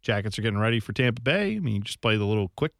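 A man's voice: lowish voice, very animated, racing, dry recording, clean studio sound. A man co-hosting a radio show, joking around in casual banter. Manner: joking, puts on silly voices. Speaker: radio co-host.

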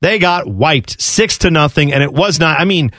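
A man hosting casual sports talk who rants with an animated delivery and frequent restarts. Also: fairly high pitch, normal speed, dry recording, clean studio sound. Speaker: sports radio host.

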